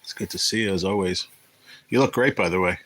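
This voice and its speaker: Reading the chat on his casual livestream, a man answers viewers in a rambling, profane, chatty way. He speaks briskly in a low-pitched, slightly bright voice, over poor audio.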